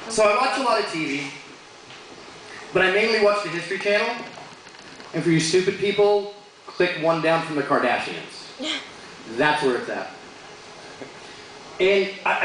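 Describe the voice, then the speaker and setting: A young man with a fairly high voice works through a crude stand-up set, landing his punchlines deadpan. He is picked up from a distance in an echoey bar room, with audible crowd noise and laughter behind him. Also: normal speed, pauses often. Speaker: stand-up comedian. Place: bar stage with live audience.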